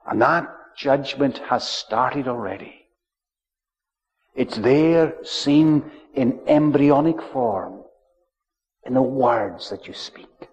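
A preacher delivers his sermon at an unhurried pace, leaning on key words with solemn weight. His voice sits at a middling pitch for a man. The recording is dull and lo-fi, with a long reverb trailing through the church. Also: a little mellow.

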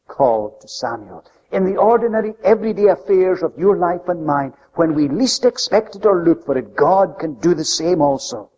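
A man preaching a sermon with an emphatic delivery that swings between loud, high stresses and soft, low drops. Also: breathy edge. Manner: emphatic, rising and falling delivery. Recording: lo-fi recording with long hall reverb.

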